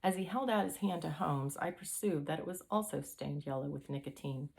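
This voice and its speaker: Low-voiced woman reading a classic mystery. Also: brisk, a little mellow. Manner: reads aloud with occasional throat-clearing. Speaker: audiobook reader. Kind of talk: storybook narration.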